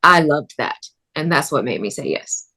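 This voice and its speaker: Actress, woman, low-ish voice, animated conversational interview guest. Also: normal speed, breathy edge. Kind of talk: casual interview.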